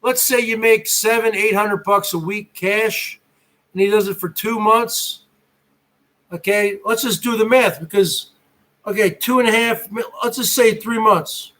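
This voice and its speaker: Vlogger, middle-aged man from northern New Jersey, profane mocking rant, slow drawling delivery. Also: high-pitched, steady tone, a bit bright. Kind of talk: ranting monologue.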